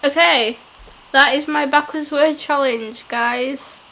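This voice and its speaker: A woman's voice: a little high, a little slow, fairly bright tone, rough recording. Giggly young woman vlogging. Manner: giggly, playful, self-mocking. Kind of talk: casual challenge vlog.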